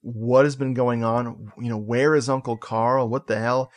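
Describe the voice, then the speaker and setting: A man on a podcast casually recapping a movie plot, animated and joking, with swearing and laughing asides. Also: medium pitch, a little slow. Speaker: podcast co-host.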